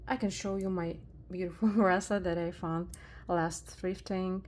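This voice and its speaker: A woman with a Russian accent, unboxing thrifted jewelry in a soft-spoken vlog, slow and marveling at each find. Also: on the low side, fairly even intonation, a little hiss or hum. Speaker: jewelry reseller vlogger.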